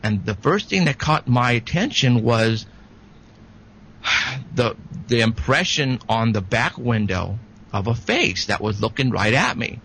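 A man, a paranormal investigator, telling an excited, halting story as a guest in an interview. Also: medium pitch, slight background noise, rough recording.

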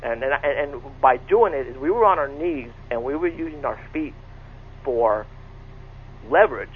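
Speaking in an animated, unhurried way at medium pitch, a middle-aged man earnestly describes a personal encounter, often restarting sentences and repeating himself. It sounds like a tinny phone line with faint noise.

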